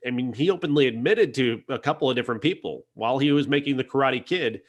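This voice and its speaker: A man's voice: mid-range voice, fast talker. A man reviewing a film on a podcast, talking earnestly and casually, with frequent restarts and self-corrections. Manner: earnest, hesitant with many restarts.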